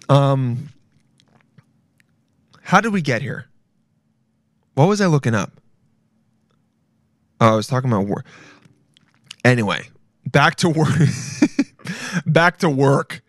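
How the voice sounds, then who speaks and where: A man's voice: mid-range voice, big pitch swings, slow pace, long pauses, no room sound. Twenties male podcast host, loose profane rambler, self-deprecating, dry close mic. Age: 20s. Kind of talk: casual solo podcast rant.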